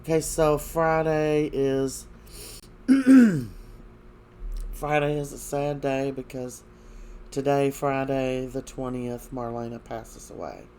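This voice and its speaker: A man giving a casual recap of soap opera episodes, hesitant, with many fillers and frequent throat clearing. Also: medium pitch, takes it slowly, pauses often, warm tone, a little hiss or hum.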